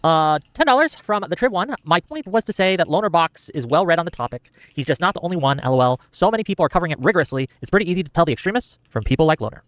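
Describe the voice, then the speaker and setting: Lively fast-talking debate show host man. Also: fairly high pitch, no echo. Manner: lively, reads donations, light jokes. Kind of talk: hosting a live debate show.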